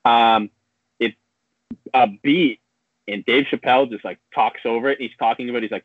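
A man's voice: medium pitch, steady tone, a little fast, no room sound. A man casually chatting on a podcast, rambling through a story and acting out the quotes. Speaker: podcast co-host. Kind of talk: casual chat. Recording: tinny phone-like line, dry.

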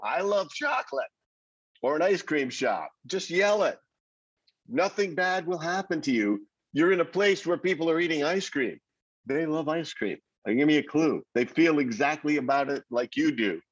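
A man being interviewed, giving conversational advice in an animated way, acting out what other people might say. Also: mid-range voice, breathy edge, no echo, highs cut off. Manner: animated, acts out quoted reactions, repeats words. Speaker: interview guest.

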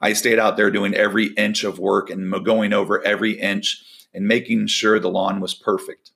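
Gravelly-voiced man telling a devotional story. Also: on the low side, little pitch movement, moderate pace, fairly bright tone. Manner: storytelling, acts out quoted dialogue. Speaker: volleyball coach. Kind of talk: casual devotional talk.

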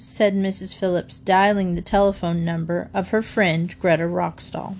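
A woman reading a children's book aloud with steady, clear narration. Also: lowish voice, moderate pace, few pauses. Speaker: storybook reader.

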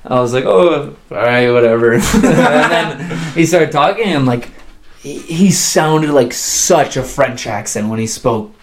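A man's voice: a little high, expressive, takes it slowly, echoey room, crowd noise. A man chatting casually as a podcast guest, rambling through stories with lots of fillers and laughs. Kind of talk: casual chat.

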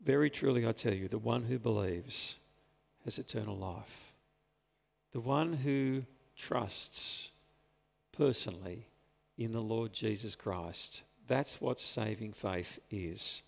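Gravelly-voiced pastor preaching in a reverberant church. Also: male voice, fairly low pitch. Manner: earnest, slows down for emphasis. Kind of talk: sermon. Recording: long reverb of a church hall.

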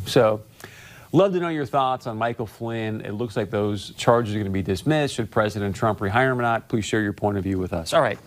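A man's voice: on the low side, brisk, a little hiss or hum. A man hosting a political commentary show, talking straight to his audience with emphatic, repeated phrases. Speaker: talk show host.

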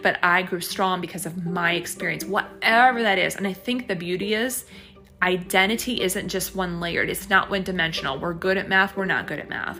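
Bright-voiced woman hosting a faith podcast. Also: fairly low pitch. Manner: chatty and reflective, with many fillers and restarts; faith-based encouraging talk. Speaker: podcast host. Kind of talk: casual solo podcast monologue.

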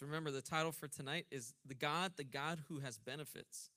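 A man's voice: fairly high pitch, brisk, hardly any pauses, sharp tone, dry recording. A young man with a Texan accent preaching a casual youth sermon in a church, joking and chatty, with many fillers between scripture readings. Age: young adult. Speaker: minister. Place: church sanctuary.

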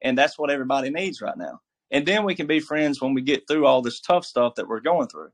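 A man's voice: mid-range voice, big pitch swings, brisk. A man giving casual political commentary as a guest, emphatic and preachy, with a folksy, filler-heavy way of talking. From military background.

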